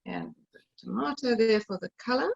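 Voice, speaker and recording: Middle-aged woman, cooking demo host on a video call: chatty storyteller, slightly high, husky, dry and dull line. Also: wildly swooping pitch, moderate pace, no room sound. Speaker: cooking demonstrator.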